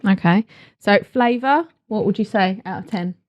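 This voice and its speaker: A woman's voice: mid-range voice, moderate pace, dull audio. A woman co-hosting a podcast, laughing often as she moves the cereal review through its categories. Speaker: podcast co-host. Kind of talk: casual chat, cereal review.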